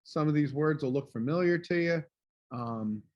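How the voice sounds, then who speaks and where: Loud casual male teacher on video call. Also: fairly high pitch, moderate pace, dull audio. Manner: loud, filler-heavy, casual. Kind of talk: online class lecture.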